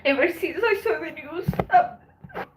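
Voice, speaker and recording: Teary woman venting on a livestream, high voice, slow and halting, swears a lot. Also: noisy background. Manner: halting, swearing, voice breaking with tears. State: tearful. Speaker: livestream host. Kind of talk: emotional casual livestream chat.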